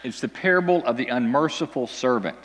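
A man preaching a sermon to a congregation, telling a scripture story with animated, dramatic delivery and big swings in pitch. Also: fairly quick, long reverb tail. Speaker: pastor. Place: church hall with an audience.

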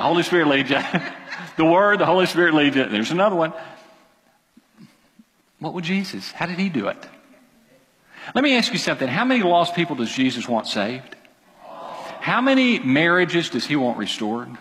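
A man's voice: on the high side, a bit bright. A man preaching a sermon in a church, talking conversationally, quizzing the congregation and repeating his phrases. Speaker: pastor. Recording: long hall reverb.

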